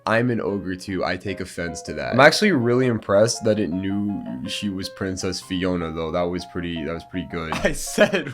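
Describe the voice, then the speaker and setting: A man's voice: deep voice, brisk, a bit bright, faint music behind. A man hosting a video, giving sarcastic, casual commentary while playing an AI story game and laughing at it. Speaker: gaming video host.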